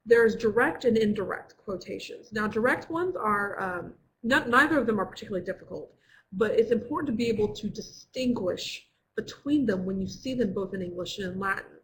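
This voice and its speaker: A woman teaches a Latin class over a computer microphone, talking in a patient, explanatory way with many small pauses and fillers. Her voice sits in a middle register, and a faint hiss hangs behind it. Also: mid-range voice, expressive, rough recording. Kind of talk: online class lecture.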